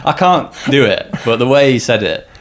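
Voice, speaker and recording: A man hosting a casual podcast chat, easygoing and quick to agree with his guest. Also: medium pitch, animated. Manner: easygoing, frequent agreeing interjections. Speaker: podcast host.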